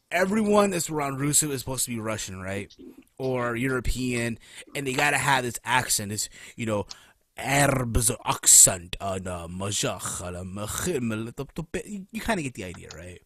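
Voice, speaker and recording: A man hosting a casual wrestling podcast, animated and profane, who keeps tossing in "right?" between points. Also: mid-range voice, no echo, clean studio sound. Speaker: podcast host.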